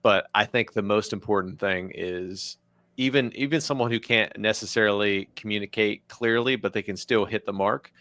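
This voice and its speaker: A man from rural West Virginia hosts a podcast and speaks in a reflective, plain-spoken way. His voice sits low but has a bright, forceful edge. The sound is dry and close. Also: normal speed, no echo. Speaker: podcast host. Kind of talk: conversational interview talk.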